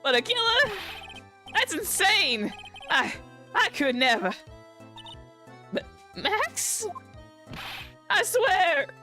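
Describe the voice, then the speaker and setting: A woman's voice: very high voice, big pitch swings, drawn-out words, pauses often, bright, forceful tone, faint music behind, pitched above the performer's own voice, full character voice. A woman voicing a panicked country bumpkin man with a Southern US accent, pleading in folksy turns of phrase.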